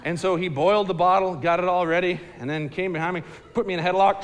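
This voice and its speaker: A man telling a Bible story to a group in a casual, animated, slangy way, asking the listeners questions directly. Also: high-pitched, quick pace, hardly any pauses, in a large hall, crowd noise.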